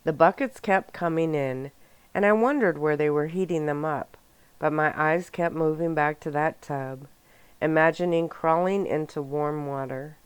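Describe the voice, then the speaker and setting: A woman narrating a first-person novel in a calm, soft-spoken ASMR audiobook reading. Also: low-pitched, moderate pace, clear, resonant tone, no room sound.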